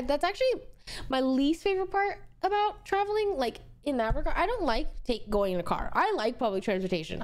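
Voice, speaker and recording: Young woman streamer, high and animated, chatty, rambling, answering chat. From United States. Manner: chatty, rambling, reads viewer messages aloud. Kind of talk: casual chat with viewers.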